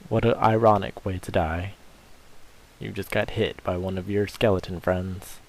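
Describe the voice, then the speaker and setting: A man's voice: deep voice, fairly even intonation, normal speed, creaky. A man giving rambling, crude, joking commentary over his video game playthrough. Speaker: gameplay commentator. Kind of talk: casual let's-play commentary.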